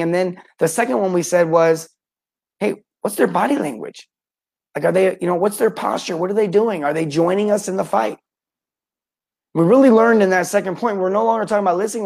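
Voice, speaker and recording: A man in middle age runs a live coaching stream for tradespeople, his voice sitting high for a man. He talks with lots of energy, greets viewers by name and slips into quick acted-out customer lines to make his point. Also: creaky, a little mellow. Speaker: podcast host and plumbing sales coach.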